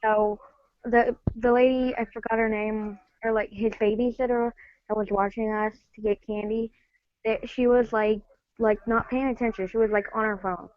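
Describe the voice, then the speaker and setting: Woman caller, nervous-sounding halting delivery, somewhat high, dry muffled lo-fi sound. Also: level tone, no echo. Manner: hesitant, halting, many fillers. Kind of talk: casual phone-in storytelling. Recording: muffled lo-fi audio.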